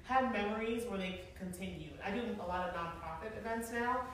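A woman's voice: medium pitch, brisk, slight background noise. Chatty forties woman telling stories to a crowd, very echoey room, mic far off. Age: 40s. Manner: animated, chatty, laughing often. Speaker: event planner and speaker. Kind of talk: storytelling talk to a live audience. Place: large room with an audience.

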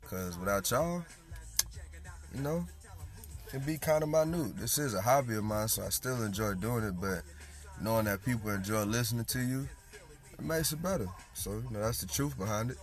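A man in his late twenties hosting a podcast in casual chat, hoarse from losing his voice, laid-back and slangy, chuckling between thoughts. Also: mid-range voice, moderate pace, soft background music. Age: late 20s. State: hoarse from lost voice. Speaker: podcast host.

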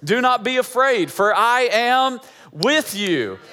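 Emphatic high-voiced pastor preaching. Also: male voice, animated, slow, bright, forceful tone, in a large hall. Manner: emphatic, repeating phrases for effect. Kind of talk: sermon.

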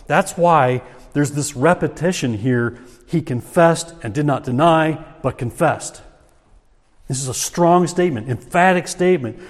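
A man preaching a sermon as a pastor, slow and emphatic, asking rhetorical questions. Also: on the high side, darkish tone. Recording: long hall reverb.

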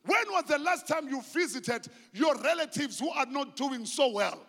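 A South African man preaching a sermon as pastor, passionate and swinging between hushed and shouted delivery, slipping in Zulu phrases. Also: very high voice, animated, moderate pace. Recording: long hall reverb.

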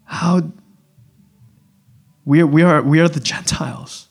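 A man preaching a sermon in a casual, conversational way, full of fillers and restarts, often dropping to a hushed, earnest voice. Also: a little high, slow, vocal fry, husky.

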